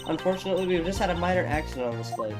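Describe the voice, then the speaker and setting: A man's voice: a little high, expressive, racing, voice pushed up, close to an everyday voice. A man voicing a polite female flight attendant who makes formal, soothing announcements. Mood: calming. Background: game music.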